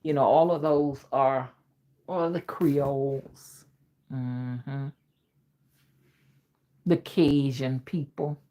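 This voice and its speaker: A woman's voice: very deep voice, fairly even intonation, extremely slow, pauses often, dark tone. A middle-aged woman with an old Southern drawl, chatting casually on a livestream, reading out viewer comments and laughing easily. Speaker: livestream host.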